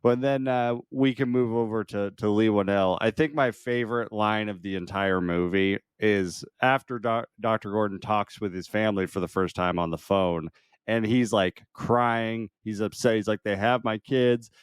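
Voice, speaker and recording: A man's voice: fairly low pitch, normal speed, clean tone, dry recording, studio quality. A man co-hosting a casual film podcast, easygoing and agreeable, laughing often as he talks. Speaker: podcast co-host.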